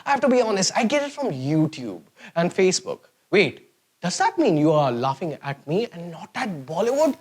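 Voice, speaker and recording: A man's voice: sits high, very animated, normal speed, breathy edge. A man hosting a sarcastic, mocking comedy rant to camera. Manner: sarcastic, mocking, exaggerated swings of voice. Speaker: host.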